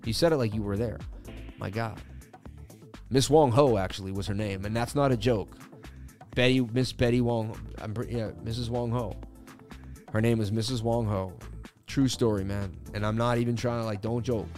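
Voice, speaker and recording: The host of a live crypto chart stream speaks in a lowish, slightly mellow voice with a steady tone and moderate pace, soft music in the background. His commentary on the market is casual and slangy, with plenty of chatting and joking with viewers.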